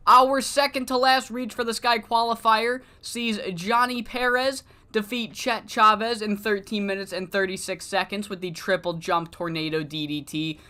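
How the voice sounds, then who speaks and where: A man's voice: high-pitched, pushed and bright, smooth. A man narrating a wrestling booking game on a live stream, in a loose, rambling way with fillers and swearing. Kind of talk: casual live-stream commentary.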